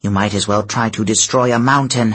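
A man's voice: on the low side, fairly even intonation, fairly bright tone, breathy edge. Man doing a haughty old goddess, stern and clipped. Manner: clipped, grumbling, slow and stern. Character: haughty imperious goddess, woman, old and commanding.

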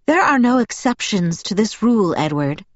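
A woman reading an audiobook, voicing a wary, sharp-tongued female vampire who talks in tense, rising tones. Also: mid-range voice, very animated, normal speed, dry recording. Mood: alarmed. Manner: tense, alarmed, snapping. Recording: dull, dry audiobook recording.

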